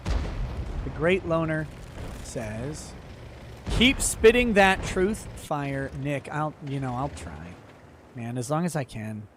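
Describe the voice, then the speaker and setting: High-pitched ranting male streamer. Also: lively intonation, slow pace, pauses often, noisy background. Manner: loud, laughing, exaggerated rants. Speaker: streamer reading viewer messages. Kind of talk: casual ranting commentary while gaming.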